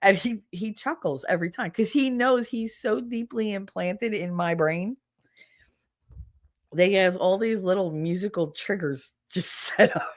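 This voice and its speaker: A woman hosting a podcast in casual solo chat, animated, laughing often and swearing freely. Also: mid-range voice, unhurried. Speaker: podcast host.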